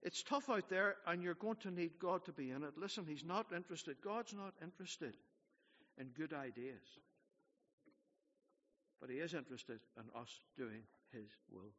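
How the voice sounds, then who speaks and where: A man's voice: a little high, expressive, moderate pace. Older male preacher in a reverberant church. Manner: earnest, exhorting, swings from loud to hushed. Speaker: pastor. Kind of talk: sermon. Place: church hall. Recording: dull sound in a large hall.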